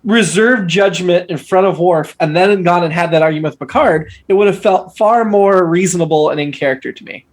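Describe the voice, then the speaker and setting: A man's voice: high voice, brisk, hardly any pauses. A man co-hosting a casual podcast discussion, talking animatedly and arguing his point firmly. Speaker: podcast co-host.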